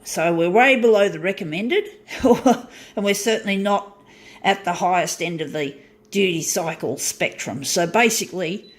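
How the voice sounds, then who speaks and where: Vlogging from her small home unit, a woman from the southern hemisphere rants angrily in a casual monologue, swearing a lot and repeatedly stopping and restarting. Her voice is lowish and her pace measured.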